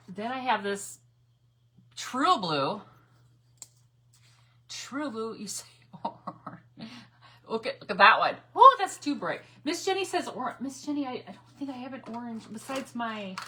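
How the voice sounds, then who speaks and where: A woman's voice: mid-range voice, pushed and bright, slight background noise. A woman chatting casually with viewers as she paints on a craft livestream, reading their comments aloud.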